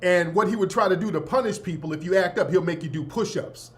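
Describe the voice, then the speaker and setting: High-pitched man telling laughing stories. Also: quick pace. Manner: laughing, nostalgic, slangy. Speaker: host. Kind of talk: casual storytelling.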